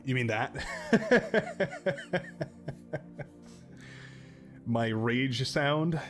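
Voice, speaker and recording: A male streamer talks casually through a live match, picking apart his own play. His voice sits at an ordinary pitch, with faint music playing underneath. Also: big pitch swings, extremely slow. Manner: self-critical, grumbling, chatty. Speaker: game streamer.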